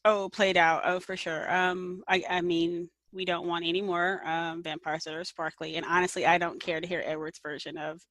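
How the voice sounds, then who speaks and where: A woman gives blunt, dismissive opinions on an online panel. Her voice is bright and sharp, and it sounds dry and close. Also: on the low side, flat delivery, normal speed, hardly any pauses, no echo. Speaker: author on a panel. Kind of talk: casual panel discussion.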